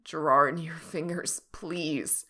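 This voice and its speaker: A woman's voice: deep voice, fairly even intonation, slow, bright, forceful tone, full character voice. A woman voicing a breathless, eager young man who pleads. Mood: pleading.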